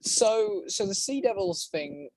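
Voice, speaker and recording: A man's voice: high-pitched, slow, no room sound. Rambling man in a dry close recording. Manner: rambling, many restarts, lively. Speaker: guest, voice actor and prop maker. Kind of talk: casual podcast chat.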